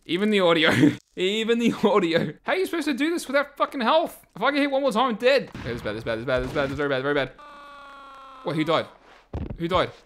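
A young man giving loud, exaggerated let's play commentary, swearing and laughing as he plays. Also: high-pitched, racing, slight background noise. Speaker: gamer playing a game.

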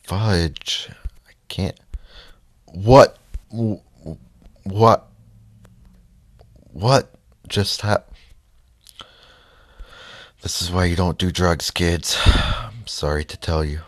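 A man giving casual gameplay commentary, reacting loudly to the race and muttering frustrated asides. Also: deep voice, extremely slow, pauses often, no room sound, clean studio sound. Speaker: let's play gamer.

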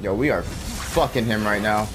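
A young man with a fairly low voice narrates his gameplay in a loose, casual way, swearing constantly and trash-talking the enemy. Loud game music plays beneath his voice throughout. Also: moderate pace. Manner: profane, exasperated trash talk. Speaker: gaming streamer.

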